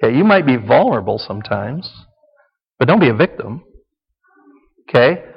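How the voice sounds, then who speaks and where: A man's voice: mid-range voice, sing-song, normal speed, creaky, breathy edge. Folksy male preacher in a reverberant hall. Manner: conversational, folksy, frequent "okay?" check-ins. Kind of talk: teaching sermon. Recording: dull lo-fi sound with long hall reverb.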